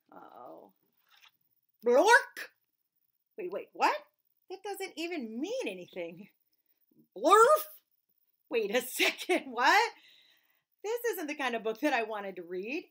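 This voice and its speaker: A woman teacher reading a children's book aloud, playful, with exaggerated mock protests and silly sounds. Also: on the high side.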